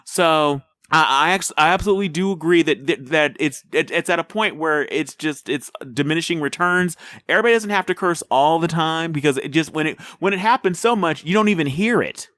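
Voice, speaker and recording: Chatting casually about a movie trailer, this podcast co-host rambles along with lots of fillers and restarts. He speaks briskly in a voice on the high side with a fairly bright tone, and there's no room sound.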